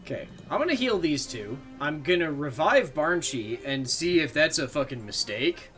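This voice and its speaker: Man, game streamer, casual rambling commentary, bright forceful tone, slightly high voice, swears a lot. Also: very animated, moderate pace, soft background music. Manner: rambling, swears freely, self-mocking asides.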